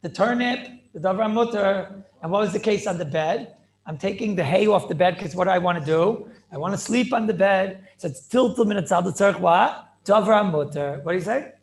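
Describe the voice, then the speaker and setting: A man, a rabbi, teaching a Talmud class over a video call in an excited, rapid way, repeating himself and asking rhetorical questions. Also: high voice. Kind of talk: animated yeshiva-style lecture.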